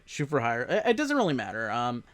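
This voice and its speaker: A man's voice: medium pitch, wildly swooping pitch, brisk, fairly bright tone. A man hosting a casual podcast chat, rambling with frequent laughs.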